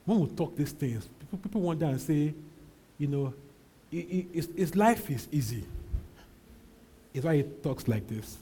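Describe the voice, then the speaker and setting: A young man with a husky voice preaching a sermon as pastor, emphatic, repeating his phrases and swinging from loud calls to low asides. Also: lively intonation, measured pace, pauses often, a little hiss or hum.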